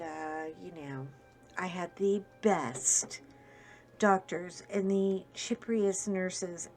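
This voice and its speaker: A woman vlogger chatting casually to viewers while she works on a craft project, rambling along with self-deprecating humor. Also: on the low side.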